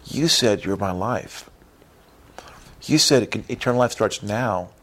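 Animated male preacher. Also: on the low side, measured pace. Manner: acts out church members in character voices, says "right?" often. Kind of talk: animated sermon.

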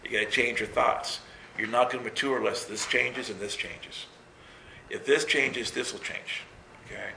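A man preaching a sermon in a relaxed, conversational way, telling stories with self-mocking humor. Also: mid-range voice, normal speed, gravelly. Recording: roomy echo with faint noise.

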